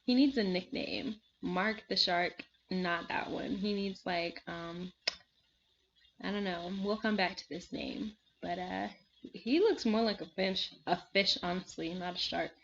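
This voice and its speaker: A woman's voice: fairly low pitch, unhurried, vocal fry, fairly bright tone, slight background noise. A woman reviewing a reality show in casual chat at home, seated, rambling with many fillers, with frequent laughs and sighs. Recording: slightly dull lo-fi recording.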